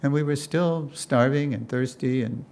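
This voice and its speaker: A gravelly older man tells a story to a class. He talks in an animated way, acts out what people said, and laughs as he goes. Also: medium pitch, moderate pace. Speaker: lecturer. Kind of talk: storytelling lecture.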